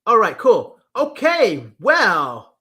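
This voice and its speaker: A man hosting a casual livestream, reading chat comments with lively exclamations and repeated words. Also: high voice, takes it slowly, slight background noise. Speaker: livestream host.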